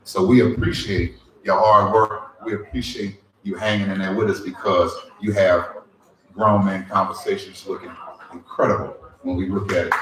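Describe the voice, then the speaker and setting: A man's voice: low-pitched, level tone, moderate pace, music in the background. Hype man working a live crowd. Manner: loud, playful crowd work, teasing guests. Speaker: event host. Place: event room with an audience. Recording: echoey room, distant mic.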